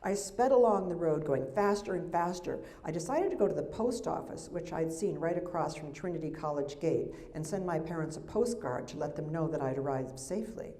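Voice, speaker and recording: A woman's voice: low-pitched, animated, fairly quick, few pauses, mellow. An older woman, an author, reading her memoir at a live library event, with wry, chatty asides into a microphone. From United States. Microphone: handheld or stand mic.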